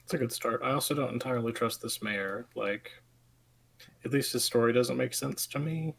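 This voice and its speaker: Gravelly-voiced skeptical man at a game table. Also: mid-range voice, normal speed, poor audio. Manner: skeptical, reasons aloud. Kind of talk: casual tabletop game chat.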